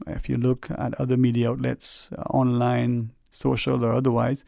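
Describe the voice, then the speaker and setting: A man's voice: medium pitch, monotone, moderate pace, gravelly, dark tone, no room sound. A man hosting a radio talk show, rambling and folksy with lots of "you know", earnestly advising listeners from a studio microphone.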